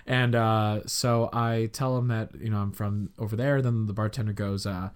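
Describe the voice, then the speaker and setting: A man's voice: fairly low pitch, fairly even intonation, normal speed, clear, resonant tone. A young man from the Chicago area hosting a podcast, telling a story in a rambling, casual way full of fillers. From Chicago area, United States. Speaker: podcast host.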